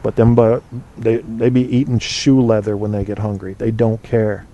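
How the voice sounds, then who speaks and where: A man's voice: on the low side, level tone, moderate pace, lo-fi sound. A man hosting a casual call-in show, rambling and opinionated with plenty of fillers and restarts. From United States. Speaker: podcast host.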